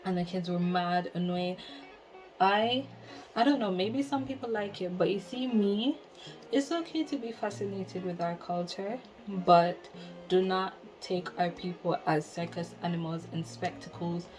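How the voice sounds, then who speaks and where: A woman's voice: fairly low pitch, a little slow, low-quality recording. A young woman in her twenties with a Jamaican accent, telling a candid, exasperated story in casual chat and slipping into patois. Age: 20s. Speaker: vlogger. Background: soft background music.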